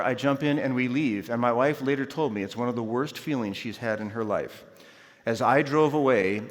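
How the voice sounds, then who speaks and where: Male chapel speaker, animated storyteller, middle pitch, long hall reverb. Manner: animated storytelling, acts out his own shouts. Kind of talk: storytelling sermon. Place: large university chapel.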